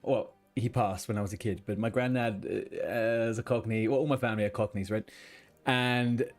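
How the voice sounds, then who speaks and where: A man's voice: lowish voice, fairly even intonation, moderate pace, faint music behind. A man streaming a game, chatting casually and rambling between tasks, swearing now and then. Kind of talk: casual gaming chat.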